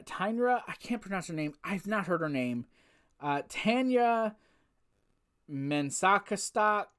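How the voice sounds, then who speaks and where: A woman giving a casual review of a wrestling show, ranting with exasperated rhetorical questions and frequent swearing. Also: mid-range voice. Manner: repetitive restarts and rhetorical questions.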